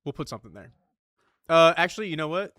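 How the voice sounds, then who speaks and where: A man's voice: on the high side, fast, a bit bright, dry recording, studio quality. A man giving casual let's-play commentary, chatty and swearing, talking to the items he sorts. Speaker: gaming streamer.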